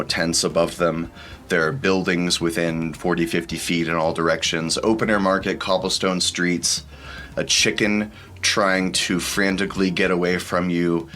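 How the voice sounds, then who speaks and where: A man narrating scenes and rules as game master of a tabletop game, in a relaxed, descriptive way. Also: low-pitched.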